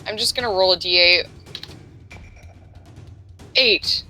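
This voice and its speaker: Give me a woman with a bright voice, casually and wryly talking through her turn. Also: medium pitch, takes it slowly, faint music behind. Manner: chatty, wry. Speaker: player. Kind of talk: casual chat.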